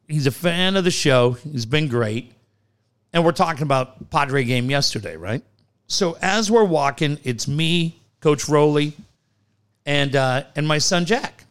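A middle-aged man co-hosting a talk show, telling stories in a casual, animated way and swinging into big voices for quotes. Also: on the high side, a little slow, smooth. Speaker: radio show co-host. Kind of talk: casual storytelling banter.

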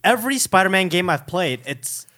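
Young male co-host, raised pitch, eager and profane. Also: lively intonation, normal speed, pushed and bright. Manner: enthusiastic, swears casually. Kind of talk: casual chat.

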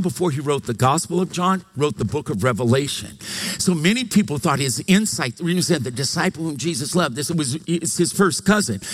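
A man from Louisiana preaches a sermon live in church. His voice sits fairly high, and he talks in an animated, joking way, teasing the congregation. He keeps pulling them in with quick asides. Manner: animated, joking, repeats "get this". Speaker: pastor.

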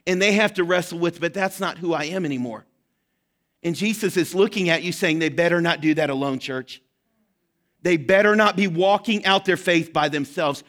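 High-voiced impassioned male preacher. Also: normal speed. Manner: impassioned, rises to shouting at peaks. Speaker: pastor. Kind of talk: sermon.

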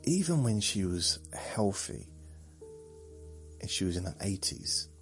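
A man's voice: deep voice, sing-song, measured pace, soft background music. A man hosting a sleep podcast, meandering through a rambling monologue and chuckling at himself. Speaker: podcast host.

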